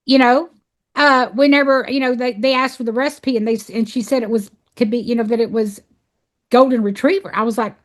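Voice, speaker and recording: A woman's voice: fairly high pitch, fairly even intonation, a little fast. Earnest woman telling a heartfelt story. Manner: earnest, heartfelt, many fillers and restarts. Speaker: podcast guest, animal sanctuary founder. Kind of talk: personal storytelling in conversation.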